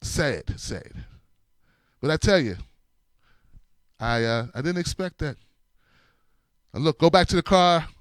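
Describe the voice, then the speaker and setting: Middle-aged male host, comic storyteller, high smooth voice, dead-dry room. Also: slow pace, pauses often, no room sound. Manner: animated, laughs through his story, shifts between loud and hushed. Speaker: show host.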